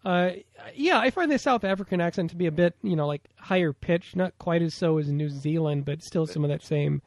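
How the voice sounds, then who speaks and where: A man's voice: on the high side, a little fast, no echo, studio quality. Rambling man on a movie podcast. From United States. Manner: rambling, many fillers. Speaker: podcast co-host. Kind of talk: casual movie podcast chat.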